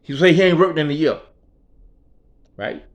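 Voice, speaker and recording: A man's voice: a little high, lively intonation, moderate pace, highs cut off. A man telling a story in a casual rant, emphatic and profane, in street vernacular. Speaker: vlogger.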